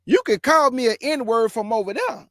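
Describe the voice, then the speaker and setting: A man's voice: very high voice, lively intonation, moderate pace, a bit bright, dry recording, clean studio sound. A man hosting his own online show, commenting live to his viewers in an emphatic, repetitive way and stretching out words for effect.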